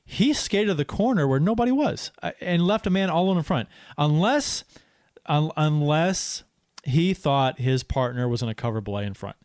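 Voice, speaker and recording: A man's voice: a little high, expressive, moderate pace, darkish tone, no echo, clean studio sound. A man co-hosting a casual hockey podcast, rambling with many restarts. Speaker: podcast co-host.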